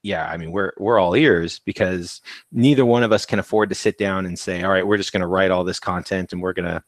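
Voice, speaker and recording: A man's voice: sits low, fairly even intonation, a little fast, no echo. A man on a podcast as a guest publisher, explaining things in a plain, matter-of-fact way over a remote call. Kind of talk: casual chat.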